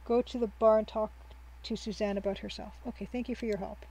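A woman's voice: medium pitch, steady tone, brisk, dark tone, low-quality recording. A woman hosting a let's play, chatting casually, reading the game's text aloud and laughing often. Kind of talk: casual gameplay commentary.

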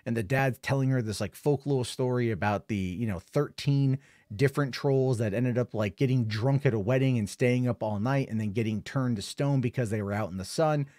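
A man's voice: medium pitch, normal speed, warm tone, no echo, studio quality. A man giving a casual spoken film review, rambling with lots of fillers and an amused tone.

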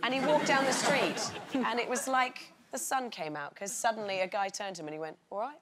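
A woman's voice: on the high side, a little fast, very noisy. A woman in her thirties with an English accent, a talk show guest chatting playfully and laughing at herself. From England. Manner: playful, self-mocking, laughs often. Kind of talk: casual chat. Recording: studio audience laughter behind.

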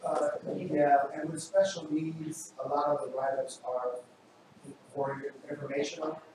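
A man's voice: on the high side, flat delivery, a little slow, darkish tone, slight background noise. A man taking part in a workshop, answering in a plain, matter-of-fact way. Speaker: workshop participant. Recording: distant voice in an echoey room.

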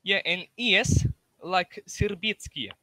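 Man, prank caller, high voice, bright tone, dry close sound, hesitant mock-foreign delivery. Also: takes it slowly, dry recording. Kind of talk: prank phone call.

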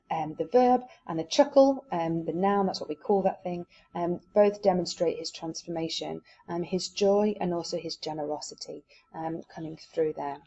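A woman teacher reads a novel aloud and talks through it steadily, pausing on frequent hesitations. Her voice is low and mellow with a husky edge. The recording sounds dull and lo-fi. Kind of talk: reading aloud and explaining a set text.

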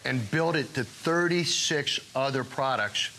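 A middle-aged man pitching his food products on a home shopping show, animated and joking, sometimes talking with his mouth full. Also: unhurried, slight background noise, rough recording. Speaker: guest brand founder.

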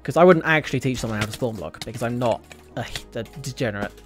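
A British man streaming a game live, talking in a rambling, sarcastic way with sudden excited outbursts. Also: medium pitch, fast talker, soft background music. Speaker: gaming streamer. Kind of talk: casual live gameplay commentary.

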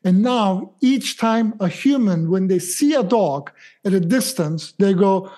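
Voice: mid-range voice, animated, measured pace, warm tone. A dog trainer co-hosting a podcast, explaining behavior with acted-out examples and quoted thoughts.

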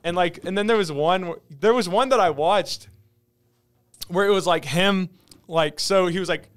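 A young man co-hosting a podcast in casual, rambling chat, acting out quotes in a high voice. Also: normal speed, clear, resonant tone. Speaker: podcast co-host.

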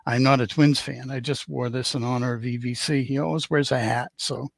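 A man's voice: medium pitch, fairly even intonation, brisk, vocal fry, no echo. A man in his seventies with a Boston accent, chatting as a stream guest and telling rambling, joking stories. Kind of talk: casual chat on a stream.

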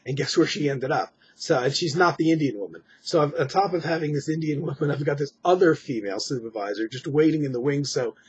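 A man's voice: on the high side, fast, hardly any pauses, slightly rough, dull audio. An exhausted man giving a rambling late-night personal update at home, with many fillers and restarts. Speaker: vlogger.

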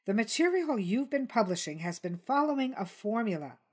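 A woman voicing Dilly, a calm, persistent jungle news creature who presses her points. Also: mid-range voice, moderate pace, pitched above the performer's own voice.

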